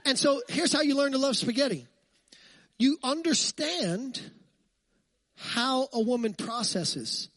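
A man pastor preaching a lively, conversational sermon, full of jokes and asides to the congregation. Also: very high-pitched, takes it slowly, pauses often, dry recording.

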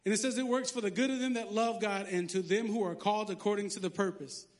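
High-voiced joking man preaching. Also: fast. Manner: lively, joking preacher with sarcastic asides. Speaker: pastor. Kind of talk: sermon.

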